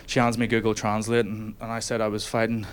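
A man's voice: lowish voice, completely flat delivery, brisk, a little hiss or hum. A man from Ireland, telling a stand-up story on stage in a conversational way, building to punchlines. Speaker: stand-up comedian. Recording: live venue with crowd. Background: audience laughter.

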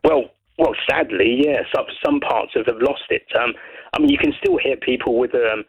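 A man from Brighton calling in to a radio show, chatting in a rambling way with many restarts. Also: mid-range voice, moderate pace, gravelly, husky. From Brighton, England. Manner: rambling, lots of restarts, lively. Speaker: caller. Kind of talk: casual phone-in chat. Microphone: telephone. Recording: muffled phone line.

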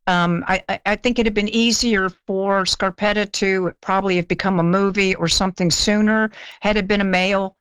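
A woman's voice: mid-range voice, steady tone, moderate pace, hardly any pauses, a bit bright, clear, resonant tone, no room sound. An older woman from the South, telling stories as a guest in a chatty, self-deprecating way, often repeating words as she starts. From American South. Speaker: guest author. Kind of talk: casual interview storytelling.

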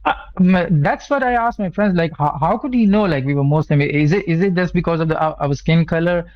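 Halting young man calling in, muffled line. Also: a little high, no echo. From South Asia. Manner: halting, many repeated words and fillers. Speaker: caller. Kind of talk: phone-in radio call, personal account.

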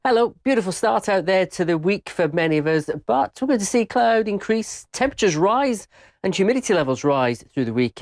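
A male weather presenter talks through the forecast in a bright, chatty way. The sound is dry and close. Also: on the high side, dry recording.

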